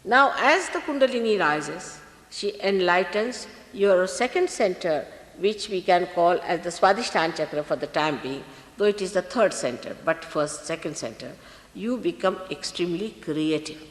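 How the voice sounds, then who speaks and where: A woman giving a spiritual talk to an audience, telling stories in a lively way and repeating key phrases. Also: on the low side, normal speed. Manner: lively storytelling with repetitions. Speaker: spiritual teacher. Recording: echoey hall archive recording.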